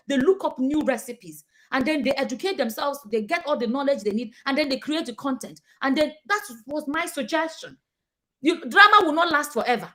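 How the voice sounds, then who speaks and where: A woman's voice: high-pitched, fairly bright tone. A woman with a Nigerian accent giving casual, emphatic commentary to her viewers, acting out the people she quotes. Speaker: vlogger.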